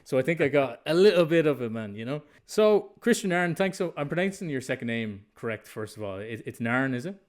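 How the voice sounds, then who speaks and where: A man's voice: mid-range voice, very animated, fairly quick, hardly any pauses. A man hosting a casual interview podcast, enthusiastic and informal, often repeating himself. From Ireland. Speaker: podcast host.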